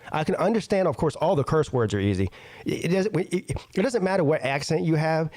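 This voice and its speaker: A man's voice: a little high, darkish tone, dry recording. A man hosting a live sports talk stream, chatting casually with frequent stammers and restarts. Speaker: sports show host.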